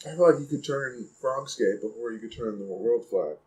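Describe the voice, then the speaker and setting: A man's voice: medium pitch, normal speed, darkish tone, rough recording. A young man co-hosting a podcast, giving short laid-back replies in casual chat. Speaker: podcast co-host.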